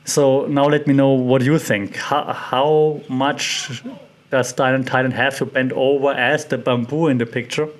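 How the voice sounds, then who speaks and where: A man's voice: medium pitch, flat delivery, measured pace. A man hosting a solo podcast, thinking aloud with many fillers and restarts and putting questions to his listeners. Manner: curious, puts questions to listeners. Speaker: podcast host. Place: lives in Thailand.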